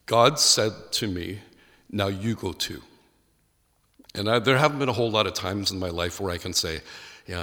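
Irish-accented male pastor, lively sermon storyteller, bright forceful tone, low voice. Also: big-room sound. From Ireland. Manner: animated storyteller acting out quoted voices.

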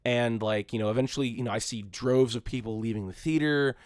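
Casual podcast co-host, male, rapid delivery, dry close sound, loose and profane. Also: medium pitch, clean tone, no room sound. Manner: rambling, swears freely, acts out shouting crowds. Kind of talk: casual chat.

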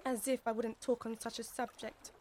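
A woman's voice: a little high, little pitch movement, normal speed, darkish tone, a little hiss or hum, close to an everyday voice. A woman voicing a trembling, indignant little mouse. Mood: disgusted. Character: timid offended little mouse.

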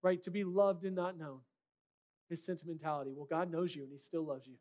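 A man's voice: fairly high pitch, steady tone, brisk, darkish tone. A man preaching a sermon as a pastor, in a direct, conversational way with rhetorical questions.

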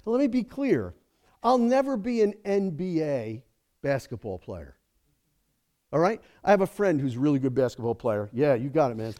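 A man's voice: a little high, very animated, moderate pace, warm tone. A middle-aged man preaching a sermon as a guest speaker, talking casually and then building to emphatic peaks, checking in with "okay?" and "right?".

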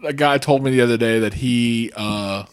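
A man's voice: mid-range voice, normal speed, clean tone. Joking man laughing on a podcast. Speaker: podcast co-host. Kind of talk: casual chat.

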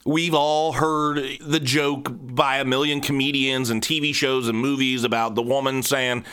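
Middle-aged guy ranting casually, swears a lot, bright edgy voice, average pitch. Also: moderate pace, few pauses, a little hiss or hum. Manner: blunt and profane, animated storytelling. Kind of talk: casual monologue.

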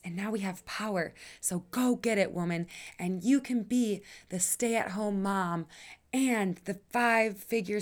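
A woman hosting her own podcast, talking earnestly and emphatically, drawing out her phrases, sighing now and then, and swearing casually. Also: mid-range voice. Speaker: podcast host. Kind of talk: personal podcast monologue.

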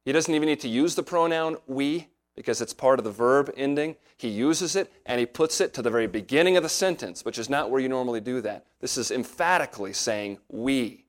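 A man's voice: mid-range voice, brisk, few pauses. A man preaching an expository sermon as pastor, earnest and explanatory, often asking his listeners rhetorical questions.

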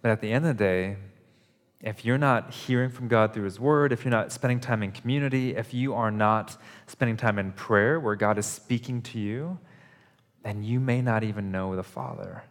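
A man with a fairly low voice preaches a Sunday sermon in an earnest, conversational way, building his points through repeated phrases. His voice carries a long reverb from the church hall around him. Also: moderate pace. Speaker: pastor. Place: church service.

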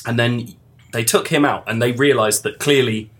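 A man's voice: mid-range voice, normal speed, fairly bright tone. A man telling a story to friends in casual chat, often breaking into laughter.

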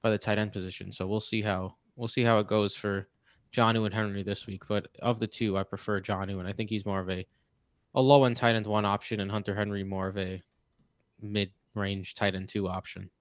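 A man with a fairly low voice talks through fantasy football picks in a loose, rambling way, full of ums and restarts. The audio is dry and a little dull, like a lo-fi remote call. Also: fairly quick, dry recording. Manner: relaxed, rambling with fillers. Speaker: fantasy football podcast co-host. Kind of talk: casual sports chat.

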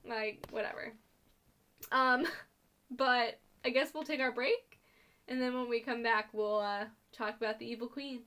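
A young woman with a fairly high voice, co-hosting a casual podcast. She recaps a TV episode in loose, chatty talk, full of ums and the odd bit of swearing. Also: fairly even intonation, a little slow, bright, forceful tone. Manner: chatty, frequent ums and laughs, blunt swearing. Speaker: podcast co-host.

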